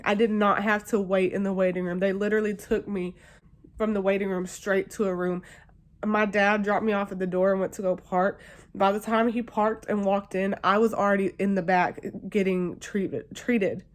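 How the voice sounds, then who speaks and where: A young woman vlogging, telling a personal story in a chatty, emotional way with lots of fillers. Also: medium pitch. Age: young adult. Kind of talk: casual storytelling to camera.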